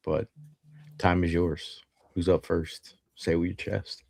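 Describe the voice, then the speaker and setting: A man's voice: low-pitched, flat delivery, a little slow, vocal fry, a little mellow, no room sound, studio quality. A man with a Philadelphia accent hosting a live sports podcast, chatting casually and reading out viewer comments and news quotes. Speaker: podcast host.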